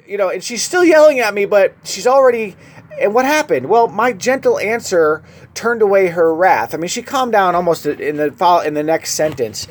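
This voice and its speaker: A pastor with a somewhat high male voice delivers a sermon in a relaxed, conversational manner. He moves between scripture readings and personal anecdotes in an easy, talky style. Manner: conversational preaching with personal stories.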